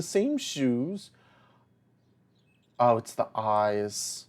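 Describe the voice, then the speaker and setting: This young man talks through his game in a loose, rambling way, drifting into stories and then turning to tease the little characters on screen. His pitch sits in the ordinary middle range for a man, and the whole thing feels like relaxed, unscripted commentary. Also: a little slow. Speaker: let's play host. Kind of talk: casual gameplay commentary.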